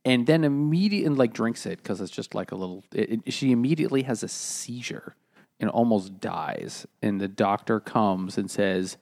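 Casting: man with a somewhat low, gravelly voice, rambling podcast recap. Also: lively intonation, moderate pace, a little mellow. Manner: rambling plot summary full of fillers. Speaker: podcast co-host. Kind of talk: casual book-club chat.

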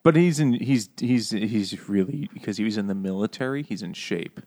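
A man with an ordinary mid-range voice, bantering on a podcast. He cuts in with crude punchlines, voices quick mock quotes, and laughs easily between lines. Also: fairly low pitch, lively intonation, mellow. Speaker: podcast co-host.

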